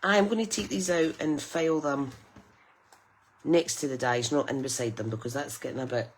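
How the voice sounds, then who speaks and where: A woman's voice: low-pitched, moderate pace. A middle-aged woman from the UK, chatting and laughing with viewers while demonstrating card making on a live stream. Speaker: craft demonstrator. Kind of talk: chatty live craft tutorial.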